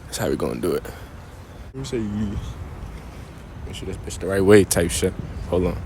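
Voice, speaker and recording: A man's voice: sits low, expressive, normal speed. A young man doing street pranks, talking in slang and apologizing a lot. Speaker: prank vlogger. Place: busy city street outdoors. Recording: crowd noise around.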